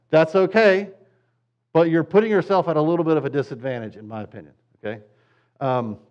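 A man's voice: medium pitch, lo-fi sound. A pastor teaching parents in a casual, conversational way, with joking asides, who keeps checking in with his listeners.

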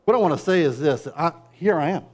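Animated and quick-paced, a middle-aged pastor preaches with wry asides in a conversational tone. He goes quiet and low at times, then builds to loud, driving peaks.

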